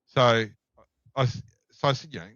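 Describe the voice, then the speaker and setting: A middle-aged Australian man, guesting on a podcast, tells blunt, profane anecdotes in casual chat. His mid-range voice is brisk and fairly bright, captured with no room sound in a dull, dry lo-fi recording.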